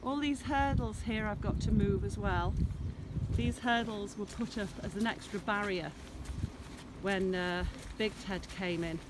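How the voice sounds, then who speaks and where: Holding a camera on herself in a farm field, a woman casually tours her smallholding for viewers, drifting between topics and cooing over her animals. Her voice is medium in pitch and a little slow, with background noise present.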